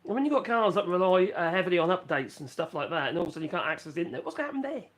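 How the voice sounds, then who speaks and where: A man's voice: sits high, big pitch swings, racing, a bit bright. A middle-aged man from Norfolk with a Norfolk accent, rambling through casual live-stream chat at home and reading chat messages aloud. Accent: Norfolk English. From England (Norfolk). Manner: rambling, chatty, self-mocking, reads chat aloud. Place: rural home in France.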